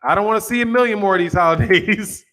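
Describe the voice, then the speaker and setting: Laid-back male host with a higher-pitched voice, casual joking chat with viewers. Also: fast, pushed and bright. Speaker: boxing channel host.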